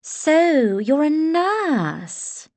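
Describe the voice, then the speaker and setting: Lady doing a snooty posh girl, way up high, gushing and patronizing, audiobook. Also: sing-song, extremely slow, a little mellow, no echo, heavily acted. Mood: condescending. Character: condescending posh young woman.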